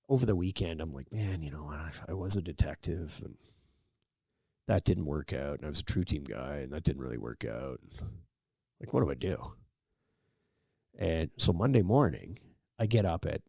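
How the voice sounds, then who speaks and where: Man, podcast guest, middle-aged, very low voice, easygoing storyteller, dry close mic. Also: vocal fry, dry recording. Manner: relaxed anecdotal storyteller, acts out quoted dialogue. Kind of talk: casual storytelling interview.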